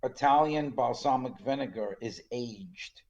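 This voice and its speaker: A man's voice: mid-range voice, unhurried, a little mellow. A man in his sixties from Canada co-hosting a podcast, telling stories and acting out the quotes of others. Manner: storytelling, acts out quotes with a put-on accent. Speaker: podcast co-host. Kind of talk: casual chat. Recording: slightly dull lo-fi sound.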